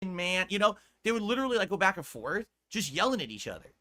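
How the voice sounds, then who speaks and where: A man's voice: sits high, very animated, fast, pushed and bright. A man, a streamer, ranting in exasperated, profane commentary in a clip played back by another streamer.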